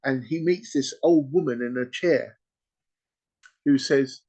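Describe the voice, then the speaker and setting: A man's voice: medium pitch, slow, husky. Man telling a story in casual chat. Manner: animated storytelling with frequent "you know" and "right?". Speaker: podcast host.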